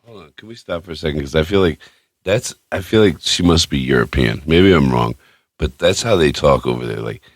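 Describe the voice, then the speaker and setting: Male podcast host, very low voice with lively swings, teasing crude banter, dry close sound. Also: fairly quick, no room sound. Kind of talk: casual podcast chat.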